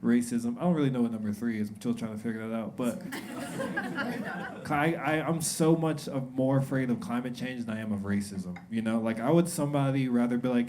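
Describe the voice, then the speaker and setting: A man's voice: mid-range voice, brisk. A young man performing a stand-up comedy set, chatting loosely, acting out quotes and laughing at his own jokes. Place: comedy club stage. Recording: live club recording with loud crowd noise. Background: loud audience laughter.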